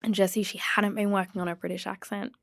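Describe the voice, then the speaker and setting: A woman's voice: medium pitch, flat delivery, fast talker, gravelly, no room sound. Gossipy woman podcast host, dry sound. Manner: playful, gossipy storytelling. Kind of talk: casual chat, retelling a celebrity story.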